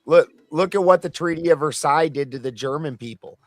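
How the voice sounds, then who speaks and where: A man's voice: on the high side, a little fast, no room sound, studio quality, soft background music. A man on a political panel, cutting in with jokes and historical points. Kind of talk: panel debate.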